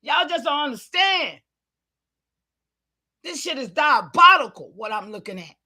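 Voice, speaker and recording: A woman giving an impassioned, preachy livestream talk, calling out to her listeners and sometimes shouting in frustration. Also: sits high, sing-song, a little slow. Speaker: online community leader.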